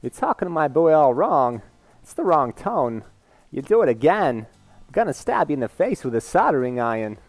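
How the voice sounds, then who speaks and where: A man doing an impression of a famous actor, speaking in a halting, emphatic way, higher than his usual voice. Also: big pitch swings, dry recording, faint music behind. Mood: menacing.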